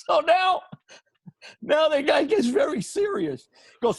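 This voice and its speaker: A middle-aged man spins a comic story on a podcast, laughing as he goes. His pitch swings widely as he tells it, and the sound is dry and close with no room around it. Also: unhurried, long pauses, husky, dry recording. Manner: animated storyteller, laughing through his own punchlines. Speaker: comedy podcast co-host.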